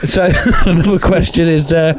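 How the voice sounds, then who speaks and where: A man's voice: a little high, steady tone, moderate pace, a loud crowd. A man hosting a casual comedy podcast, reading out questions with ums and frequent laughter. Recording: background hiss.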